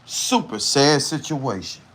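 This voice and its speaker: A man's voice: mid-range voice, sing-song, slow pace, fairly bright tone. A man hosting a livestream, giving blunt, profane and scornful reaction commentary. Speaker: livestream host.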